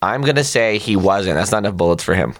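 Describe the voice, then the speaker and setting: A man's voice: on the low side, expressive. A man co-hosting a comedy podcast, rambling and joking at himself in casual banter. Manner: rapid, rambling, self-mocking. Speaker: podcast co-host.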